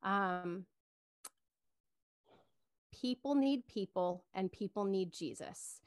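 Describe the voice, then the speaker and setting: A woman's voice: medium pitch, takes it slowly, clear, resonant tone, no room sound. Upbeat woman co-host, earnest casual chat, dry close mic. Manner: upbeat, earnest, laughs easily. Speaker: podcast co-host. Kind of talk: casual faith podcast chat.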